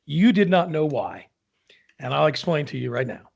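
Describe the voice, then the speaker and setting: A man, an opera singer, telling a lively anecdote in casual conversation and acting out the people in it. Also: a little high, moderate pace, creaky, breathy edge, highs cut off. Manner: animated storyteller, acts out quoted voices.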